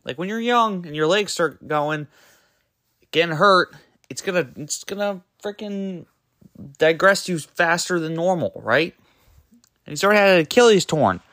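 A male podcast host delivers a loose, rambling rant that keeps stumbling and correcting itself. His somewhat high voice swings widely in pitch as he hammers his points home. The sound is close and dry. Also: animated, normal speed, pauses often, fairly bright tone, no echo. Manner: exasperated and emphatic, with frequent rhetorical questions; loose and rambling, trips over words and self-corrects. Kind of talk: solo sports podcast rant.

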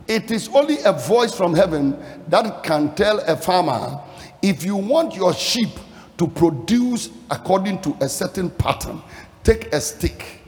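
Emphatic male preacher in a reverberant hall. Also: on the high side. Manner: emphatic, swinging between hushed lines and shouted peaks; chanting, sing-song cadence. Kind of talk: sermon.

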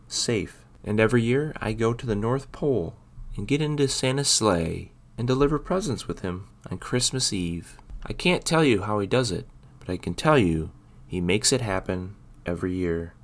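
A man hosting a story podcast, chatting briefly and then reading a Christmas story aloud in a relaxed way. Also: fairly low pitch. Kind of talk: casual intro then scripted story narration.

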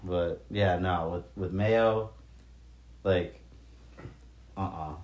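Man, low voice, laid-back profane banter, roomy echo. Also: fairly even intonation, extremely slow, darkish tone, dull audio. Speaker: podcast co-host. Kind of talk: casual chat.

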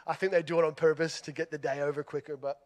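A lively Australian man tells a self-deprecating, humorous story during his sermon, his voice swinging from soft to loud. He pitches on the high side and keeps a quick pace.

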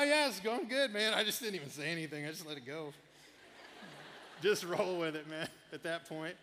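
A man preaching a sermon, telling animated personal stories and laughing often. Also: high voice, big-room sound. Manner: animated storyteller, laughs often, quotes people. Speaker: pastor.

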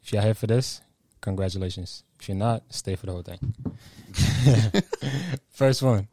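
A man's voice: fairly low pitch, moderate pace, dark tone, slight background noise. A man co-hosting a podcast in an easygoing, slangy way, introducing topics and games. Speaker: podcast co-host leading segments. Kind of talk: casual podcast chat.

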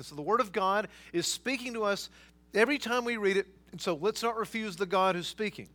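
A man preaching a sermon as pastor, earnest and emphatic, swinging between loud and quiet. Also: high voice, a little fast.

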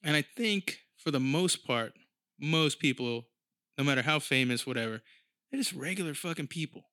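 A man's voice: fairly high pitch, animated, normal speed, bright, forceful tone, no echo. Profane, rambling man on a dry mic. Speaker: podcast host. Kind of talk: casual monologue.

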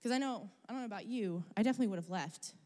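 A young adult woman preaching a sermon, telling a personal story in a chatty, animated way with casual fillers. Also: medium pitch, rapid-fire. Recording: long reverb of a large hall.

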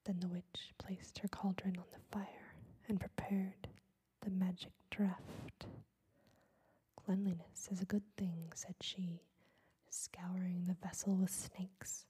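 A woman reading a fairy tale aloud in a slow, even ASMR whisper. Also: lowish voice, breathy edge. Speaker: ASMR storyteller.

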